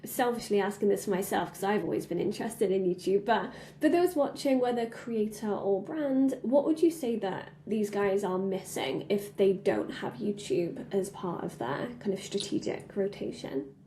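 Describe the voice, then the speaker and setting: A woman's voice: mid-range voice, normal speed, few pauses, warm tone, a little hiss or hum. A woman hosting a webinar interview, chatty and encouraging, sharing her own anecdotes between questions. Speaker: webinar host. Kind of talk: casual interview chat. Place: video call webinar.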